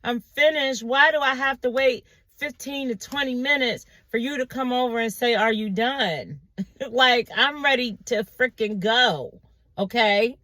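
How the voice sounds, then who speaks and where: A woman vlogger telling a story in a casual monologue, animated and exasperated, acting out the quotes in a higher voice. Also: unhurried, dry recording.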